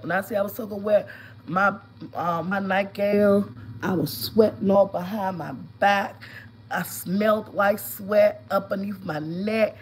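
A woman's voice: medium pitch, fairly even intonation, unhurried, slight background noise, low-quality recording. Stuffed-up woman in her fifties chatting. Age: 50s. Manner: chatty storytelling, greeting viewers by name. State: congested with a cold, sniffling. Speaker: live stream host. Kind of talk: casual live-stream chat. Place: at home, lying down.

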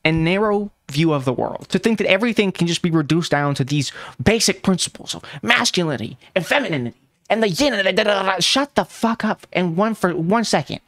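A woman's voice: on the low side, expressive, brisk, no echo, studio quality. A woman in her twenties giving a profane, mocking reaction commentary, ranting and swearing heavily. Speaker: commentary vlogger.

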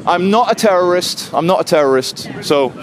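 A man's voice: high voice, moderate pace. A man filming in a city street, cheekily arguing with security staff about his right to film. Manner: cheeky, argumentative, animated. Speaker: street filmmaker. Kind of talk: confrontational street chat. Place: outdoors in a city plaza.

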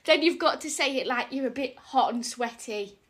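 A woman's voice: high-pitched, normal speed. A woman in a home video, giving playful instructions with amusement.

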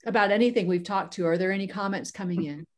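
A woman's voice: medium pitch, quick pace. A woman co-hosting an online professional development session for teachers, presenting enthusiastically with frequent fillers. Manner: enthusiastic, with many fillers and restarts. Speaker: educator webinar co-host.

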